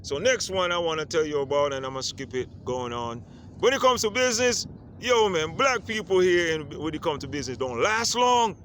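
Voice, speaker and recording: A man's voice: a little high, lively intonation, normal speed, fairly bright tone. A man who grew up on a Caribbean island, talking to the camera in a casual monologue and asking "you understand?" again and again. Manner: repeats "you understand?" often. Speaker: vlogger. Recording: faint street noise outdoors.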